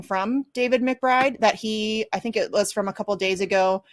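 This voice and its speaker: A woman's voice: mid-range voice, moderate pace, few pauses, dry recording, studio quality. A woman hosting a casual livestream show, chatty and self-deprecating, a bit congested. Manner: chatty, self-deprecating, frequent fillers and laughs. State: congested from sneezing.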